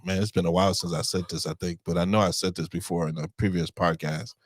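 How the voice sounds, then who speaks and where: Male podcast co-host, low voice, close dry sound, wandering casual talk. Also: steady tone, quick pace, no room sound. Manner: rambling, searches for words, acts out dialogue. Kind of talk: casual chat.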